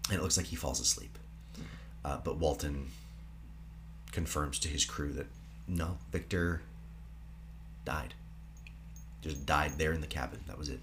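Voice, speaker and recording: Man, podcast co-host, very low voice, dramatic plot retelling with hushed moments, faint hum. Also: measured pace, pauses often. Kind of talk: casual film recap podcast.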